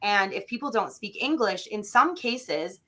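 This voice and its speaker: Bright, chatty woman from Alberta. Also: mid-range voice, measured pace. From Alberta, Canada. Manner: chatty and animated, with many fillers and acted-out quotes. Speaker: podcast guest. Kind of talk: casual conversational interview.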